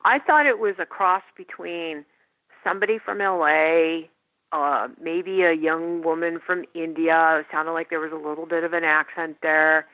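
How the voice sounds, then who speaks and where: A woman's voice: deep voice, fairly even intonation, moderate pace, no echo. A woman guest talking about technology in a chatty, enthusiastic way over a call. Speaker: tech guest. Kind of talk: casual podcast chat. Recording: phone-like line, dry.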